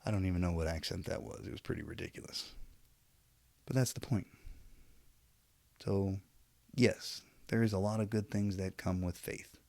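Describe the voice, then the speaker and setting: A man with a fairly low voice delivers a rambling opinion monologue straight to camera. He is preachy but self-aware, trailing off into wry asides. The sound is dry and close, with no room echo. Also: steady tone, moderate pace, gravelly, pauses often, darkish tone. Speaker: vlogger.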